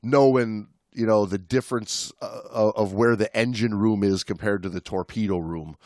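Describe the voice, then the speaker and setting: A man's voice: lowish voice, normal speed, dry recording, clean studio sound. A man co-hosting a history podcast, chatting loosely and reading a rescue account aloud. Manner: relaxed, with many fillers and restarts. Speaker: podcast co-host. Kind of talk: casual chat and read history narration.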